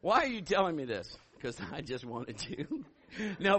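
A man preaching a sermon, swinging from loud shouted declarations to low hushed storytelling. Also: sing-song, moderate pace. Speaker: pastor.

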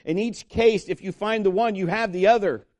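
A man's voice: high voice, moderate pace, a little mellow. A man preaching a sermon, emphatic, calling on the congregation to respond. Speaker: pastor.

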